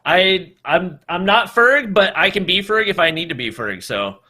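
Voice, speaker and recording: A man's voice: sits high, lively intonation, moderate pace, bright, forceful tone. A man casting a live mobile shooter match, chatty and analytical, breaking down the play as it happens. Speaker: esports commentator. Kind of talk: live game commentary.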